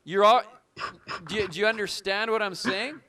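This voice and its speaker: A man's voice: high-pitched, fairly even intonation, crowd noise. A man hosting a comedic call-in show as a blustering patriotic trucker who argues with callers. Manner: bombastic, blustering, quick to argue.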